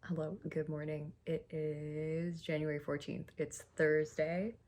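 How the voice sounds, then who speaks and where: Young woman, casual vlog, low-pitched voice, chatty, filler words. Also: flat delivery, unhurried, noisy background. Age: young adult. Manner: chatty, nervous, filler-heavy. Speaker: vlogger.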